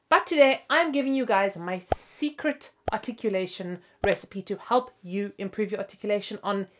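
A young woman with hiccups hosts a bubbly flute lesson video as teacher, laughing at herself, with flute playing between her phrases. Her voice is medium-pitched with a fairly bright tone.

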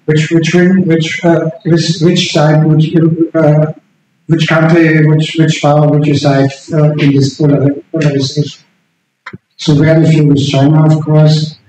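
A middle-aged man, a political science lecturer, giving an unscripted conference talk, halting and repeating words as he searches for phrasing. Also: fairly high pitch, mellow. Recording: very echoey room with faint background noise.

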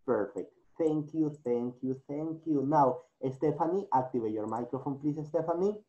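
Male English teacher, mellow voice, calls on students one by one, dull video call audio. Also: a little high, normal speed. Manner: switches between English and Spanish, coaxing and repetitive. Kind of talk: online class, calling on students.

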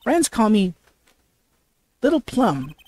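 A gamer voicing a stern middle-aged mob boss's wife in an attempted husky voice, blunt and intimidating, with heavy stutters while reading game dialogue aloud. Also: mid-range voice, sing-song, takes it slowly, a little mellow. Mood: commanding.

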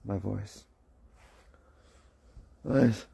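Guy live streaming from his phone, dark husky voice, sore throat, jokey and slow. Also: on the low side, a little hiss or hum. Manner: joking, playful banter with viewers. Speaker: livestream host. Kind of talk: casual livestream chat.

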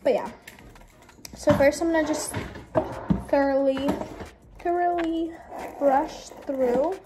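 In a casual get-ready-with-me vlog, a young woman does her makeup and hair while chatting to the camera, rambling on and saying "like" all the time. Her voice is high-pitched at a measured pace, against a noisy background.

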